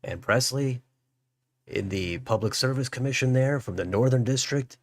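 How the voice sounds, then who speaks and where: A man's voice: mid-range voice, moderate pace, no room sound. A man hosting a political livestream, musing aloud as he reads out election results. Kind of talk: live election results commentary.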